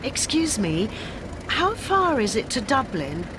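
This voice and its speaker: A woman's voice: a little high, sing-song, takes it slowly. An actress playing a female traveler at a station in a short course dialogue. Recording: noisy station ambience.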